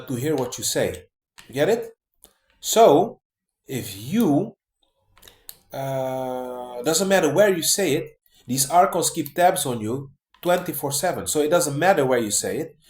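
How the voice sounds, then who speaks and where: A man's voice: on the high side, animated, a little slow, a little mellow. Rambling man, echoey room. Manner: rambling, many fillers and restarts, keeps saying man and guys. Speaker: vlogger. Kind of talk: casual monologue to camera.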